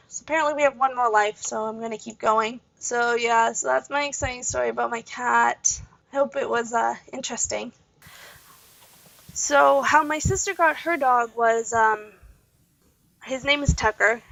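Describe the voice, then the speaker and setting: A young Canadian woman hosting a gaming channel speaks at a moderate pace in a fairly high, steady, slightly bright voice with vocal fry. She tells a casual story while playing, wandering through fillers and asides, recorded dry on a dull lo-fi home mic.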